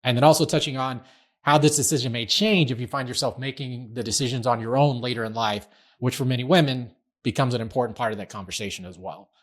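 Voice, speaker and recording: With a mid-range voice and a fast delivery, this middle-aged man hosts a laid-back podcast. He keeps things chatty and pokes fun at himself.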